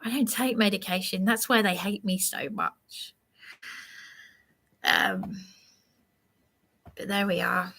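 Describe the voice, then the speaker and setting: A woman rambling through a live monologue, preaching and sounding aggrieved as she answers a commenter in a slow, halting way. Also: medium pitch, huge pitch swings, vocal fry, pushed and bright.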